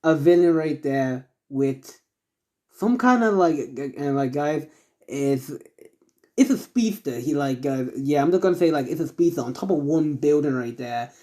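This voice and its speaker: A man improvising a fan-fiction story out loud, rambling with many fillers and self-corrections. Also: a little high, animated, normal speed.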